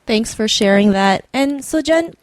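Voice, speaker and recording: A woman hosting an interview podcast, asking questions in a cheerful, upbeat way with lively rises. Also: fairly high pitch, a little slow, no echo. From Canada. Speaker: podcast host.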